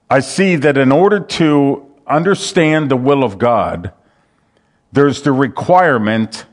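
A man preaching a sermon, reading scripture aloud and explaining it verse by verse with earnest, repeated emphasis. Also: mid-range voice. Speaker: pastor.

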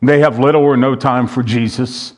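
A man's voice: medium pitch, fairly even intonation, moderate pace, a little mellow. Man preaching a sermon. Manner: reads King James scripture, then repeats questions rhetorically.

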